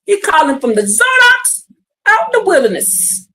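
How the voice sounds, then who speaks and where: A woman teaching a streamed bible class, reading scripture and preaching it out in slang, building to shouts. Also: very high-pitched, wildly swooping pitch, moderate pace.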